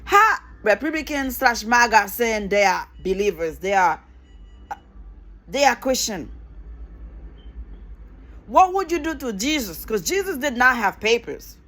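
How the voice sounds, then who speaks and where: A woman's voice: a little high, very animated, measured pace, long pauses, a bit bright. A middle-aged woman vlogging an impassioned, angry political rant, repeating phrases for emphasis and swearing freely.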